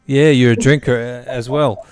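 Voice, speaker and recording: A man hosts a relaxed quiz game, reading out clues and dropping playful hints along the way. His voice is smooth and resonant, with a dry sound close to the mic. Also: mid-range voice, normal speed, dry recording. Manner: joking, chatty, hints freely at answers. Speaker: quiz host. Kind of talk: casual game-show hosting.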